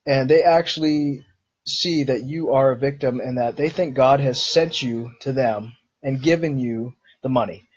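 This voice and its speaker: A man's voice: medium pitch, a little slow, a little mellow, highs cut off. A man hosting a live-streamed Q&A, answering viewer questions in an earnest, explanatory way.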